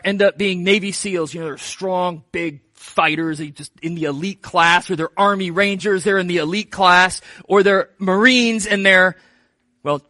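Bright-voiced joking male preacher. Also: high voice, no echo. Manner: casual, joking storytelling. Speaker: pastor. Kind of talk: sermon.

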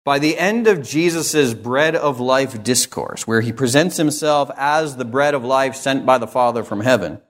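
A man's voice: mid-range voice, moderate pace, few pauses. A man preaching an expository sermon, with emphatic, rhythmic repetition.

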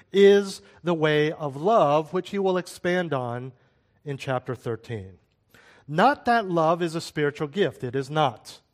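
A man giving a sermon-style Bible teaching in a conversational way, with rhetorical questions and asides. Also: fairly high pitch.

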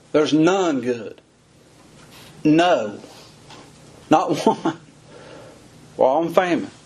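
A man's voice: fairly high pitch, darkish tone, slightly rough. A middle-aged man preaching a sermon in a folksy, dramatic way that rises into urgent cries.

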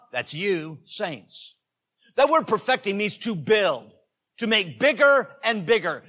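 A visiting evangelist delivers a sermon in a folksy, joking manner, his voice sitting on the high side. He swings between loud peaks and hushed asides.

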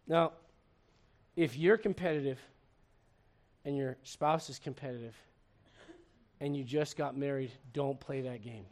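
A male pastor from Puerto Rico preaching a sermon, animated and joking, often restarting sentences and acting out little scenes. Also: fairly high pitch.

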